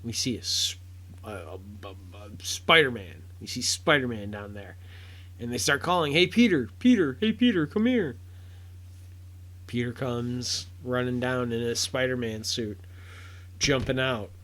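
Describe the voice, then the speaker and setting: Slow, rambling man reviewing a film. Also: medium pitch. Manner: rambling, many fillers and restarts; gets loud and excited at big moments. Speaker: podcast host reviewing a film. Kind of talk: casual spoken review.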